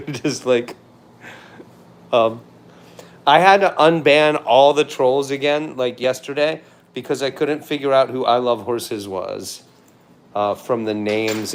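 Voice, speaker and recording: Hesitant, rambling man on a livestream. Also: medium pitch. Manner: rambling and hesitant, many fillers, trailing off quietly. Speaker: livestream host. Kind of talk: casual livestream chat.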